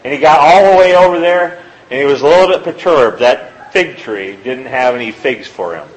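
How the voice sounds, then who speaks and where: A man's voice: moderate pace, poor audio. A man giving an informal sermon, reading scripture aloud and talking plainly to his listeners. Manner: conversational, reads scripture aloud, rises in pitch when pressing a point. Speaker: lay preacher.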